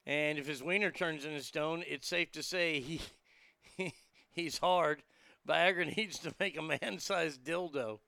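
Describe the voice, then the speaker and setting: A man's voice: fairly high pitch, unhurried, gravelly, sharp tone, smooth, dry recording. A man riffing crude, mocking jokes in a casual comedic monologue, chuckling at his own lines.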